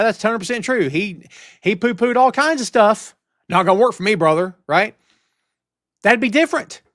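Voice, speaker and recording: A man's voice: high voice, a bit bright, no echo, studio quality. A middle-aged man hosting a live wrestling chat show, ranting and talking straight to his chat. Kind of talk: casual live-stream chat. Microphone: headphones and studio mic.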